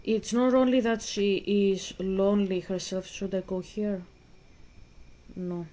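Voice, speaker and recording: A woman's voice: mid-range voice, unhurried, dark tone, low-quality recording. A woman talking earnestly and emotionally to a viewer about faith while she plays a video game. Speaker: gaming streamer. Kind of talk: casual talk while playing a video game.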